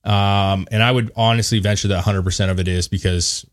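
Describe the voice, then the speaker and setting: A man's voice: fairly low pitch, fairly even intonation, fairly quick. A man co-hosting a podcast, giving blunt, rambling opinions full of "like" and swearing. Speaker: podcast co-host. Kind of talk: casual opinion chat.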